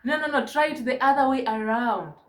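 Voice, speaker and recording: A woman from Kenya teaching a mock English lesson to a young child, gentle and encouraging, spelling words out slowly. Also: high voice, echoey room. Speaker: online ESL teacher.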